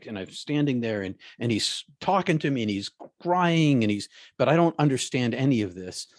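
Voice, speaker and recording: A man speaking as an interview guest, slow and emphatic, who stumbles and repeats words as he recounts a personal story. His voice sits at an ordinary middle pitch and is recorded dry and close, with no room sound around it. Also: darkish tone, no room sound.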